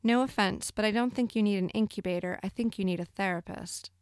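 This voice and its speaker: A woman's voice: mid-range voice, fairly quick, smooth, no echo, clean studio sound, natural voice. A woman voicing a scornful, meddling older mother-in-law who talks bluntly and dismissively, in a storybook reading.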